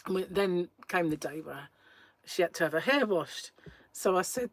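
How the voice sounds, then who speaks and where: A woman's voice: lowish voice, lively intonation, normal speed. A woman, hosting a casual live stream, telling a chatty story and laughing often. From England. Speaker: crochet livestream host.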